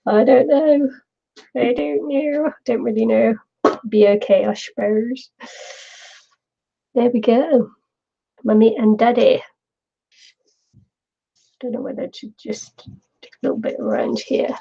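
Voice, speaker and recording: A woman's voice: fairly high pitch, fairly even intonation, measured pace, vocal fry, long pauses, slightly rough, dull audio. A middle-aged woman from the UK, chatting casually and rambling while she crafts, laughing often. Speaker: craft vlogger.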